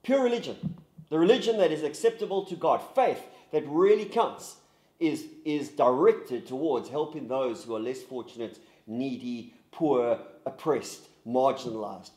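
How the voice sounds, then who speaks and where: Earnest pastor, echoey room. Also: male voice, mid-range voice, lively intonation, darkish tone. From South Africa. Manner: earnest, halting with many restarts. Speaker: pastor leading a discussion. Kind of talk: recorded group discussion guide.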